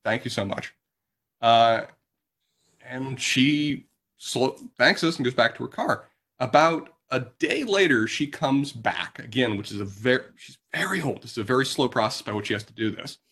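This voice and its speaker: A man's voice: medium pitch, animated, normal speed, fairly bright tone, husky. A man, telling a rambling story on a casual podcast. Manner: rambling anecdotal delivery with restarts. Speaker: podcast co-host.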